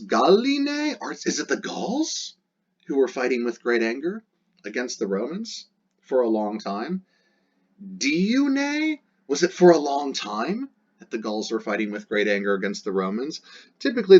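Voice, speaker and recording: A man teaching a Latin lesson in a casual, joking way, drawing out the Latin words slowly as he walks through exercises. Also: mid-range voice. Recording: dull lo-fi sound.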